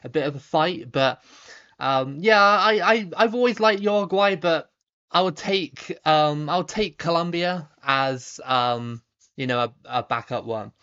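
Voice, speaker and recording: A man in his thirties with a Somerset accent, chatting casually on a live stream while reading viewer comments, relaxed, with lots of ums and restarts. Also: a little high, a little slow, smooth, muffled recording. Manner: relaxed, chatty, frequent ums and repeated starts, laughs easily.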